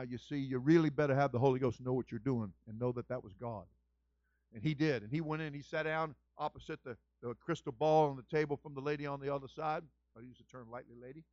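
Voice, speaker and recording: A male pastor telling folksy stories in a sermon, building to loud, shouted fervor. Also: medium pitch, no room sound. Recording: muffled lo-fi dry recording.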